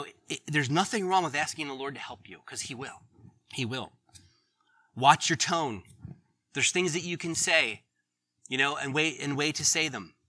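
A man's voice: on the high side, sharp tone, no echo. A middle-aged man preaching in an earnest, conversational way, laughing now and then at his own stories. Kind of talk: sermon.

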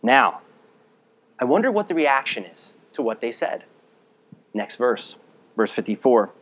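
A man preaching a sermon as a pastor, reading scripture aloud and explaining it, speaking directly to his listeners and dropping to a low, quiet voice for emphasis. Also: very animated, unhurried. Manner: earnest, direct address to listeners.

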